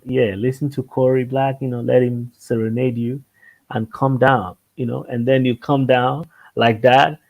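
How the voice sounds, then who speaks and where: A man talking as a panelist in a casual discussion, animated, repeating phrases and checking in with his listeners. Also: medium pitch, normal speed, gravelly, rough recording. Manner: animated, repeats phrases and asks "see what I'm saying?".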